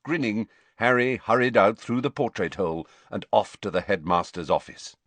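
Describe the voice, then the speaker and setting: Casting: low-voiced male audiobook narrator, animated delivery, dry close recording. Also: normal speed, dry recording. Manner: expressive storytelling. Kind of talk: scripted narration.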